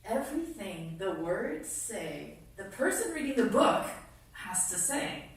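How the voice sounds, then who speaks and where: During a congregation service, a woman reads a silly children's book aloud to kids, playful and laughing and making goofy sounds. Her mid-range voice is sing-song and slow, recorded far from the mic in a very echoey meeting room hall.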